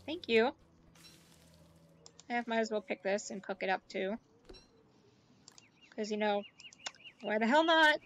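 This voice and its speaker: A woman giving chatty let's play commentary, talking to game characters and gushing excitedly. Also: on the high side, a little slow, long pauses, a little hiss or hum. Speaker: gaming YouTuber.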